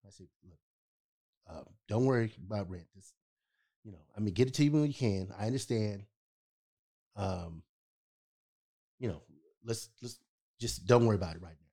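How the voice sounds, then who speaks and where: A man's voice: fairly low pitch, normal speed, long pauses, mellow. A man co-hosting a podcast, telling a story in casual chat and stressing points with a repeated "okay?". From California. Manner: emphatic, repeats "okay?" for emphasis. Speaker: podcast co-host.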